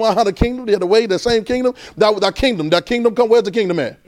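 Male preacher with a high voice, casual and animated delivery, repeats himself for emphasis. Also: fast talker, few pauses. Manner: animated, repeats phrases, swings between loud and soft. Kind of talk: informal conversational sermon.

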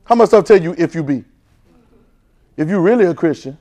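High-voiced man preaching a sermon. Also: animated, fairly quick. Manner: call-and-response, urging the congregation to repeat; swings from loud exhortation to soft near-whispers.

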